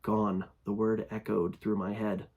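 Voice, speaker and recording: A man reading a first-person horror story aloud, his voice growing louder and tense in the frightening passages. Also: fairly low pitch, level tone, measured pace, husky, highs cut off. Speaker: fiction reader.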